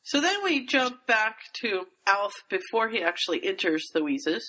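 A woman's voice: medium pitch, sing-song, moderate pace, pushed and bright, a little hiss or hum, poor audio. A woman hosting a casual chat podcast, chattily retelling a story and steering the discussion. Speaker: podcast host.

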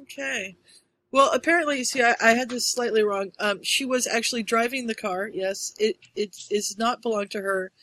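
A woman with a bright, forceful voice hosts a podcast and chats casually. She tells stories in an animated way and laughs easily. Her pitch sits a little high. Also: normal speed, rough recording. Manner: animated storyteller, laughs often. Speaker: podcast host. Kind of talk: casual chat, retelling.

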